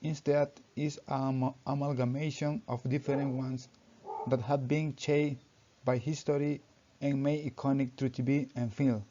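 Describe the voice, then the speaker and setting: A young man reading a class presentation aloud, halting and often restarting his sentences with "so", in a dull lo-fi recording. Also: mid-range voice, little pitch movement, mellow, slight background noise. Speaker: student presenter.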